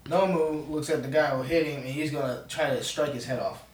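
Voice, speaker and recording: A man's voice: a little high, fairly even intonation, a little fast, recorded from a distance. A man playing in a tabletop game, chatting casually in laid-back slang. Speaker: player. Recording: echoey room with faint noise.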